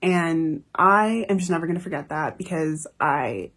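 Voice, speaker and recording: A woman's voice: sits low, moderate pace, fairly bright tone, husky. A young woman talking casually about a book she loves, gushing and emotional, swearing freely. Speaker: book reviewer. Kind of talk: casual book review chat.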